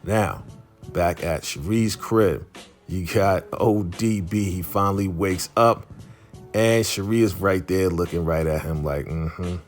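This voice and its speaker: A man's voice: deep voice, unhurried, faint music behind. A man casually recapping a TV episode in slangy storytelling, acting out the characters' lines. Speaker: YouTube show recapper.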